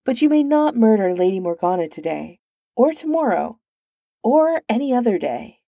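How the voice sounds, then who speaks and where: A firm young woman laying down the law, with rising pitch and steady insistence , put on by a woman narrator. The tone is dark and slightly gravelly. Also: normal speed, no echo, studio quality, heavily acted.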